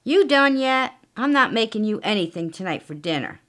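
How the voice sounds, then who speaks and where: This is a bossy, complaining older wife, as a woman storyteller puts her on, pitched higher and louder than plain talk. She whines and demands, pushing every line hard like a storybook shrew. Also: expressive, moderate pace. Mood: nagging.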